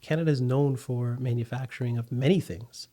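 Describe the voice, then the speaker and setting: A man speaks as a podcast guest with a warm, mellow voice, neither high nor low. He tells his business story steadily and thoughtfully, pausing on the odd filler. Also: fairly even intonation. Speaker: food company founder, guest. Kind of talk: conversational interview.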